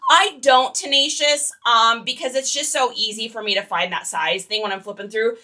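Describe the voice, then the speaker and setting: A woman's voice: on the high side, moderate pace, sharp tone, distant mic. A woman who resells online, chatting casually and rambling while she photographs shoes. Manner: chatty and rambling, with fillers and laughs.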